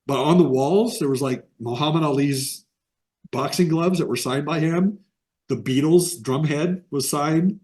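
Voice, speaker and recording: A man's voice: on the high side, measured pace, darkish tone. A middle-aged man from the American Midwest, telling rambling anecdotes in a casual interview over a video call. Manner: rambling anecdotes with quoted voices. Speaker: interview guest, animation artist.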